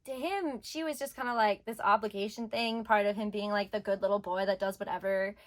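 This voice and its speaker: A woman's voice: mid-range voice, steady tone, brisk. A young woman reviewing a manga in casual chat, rambling with lots of filler words and getting emotional.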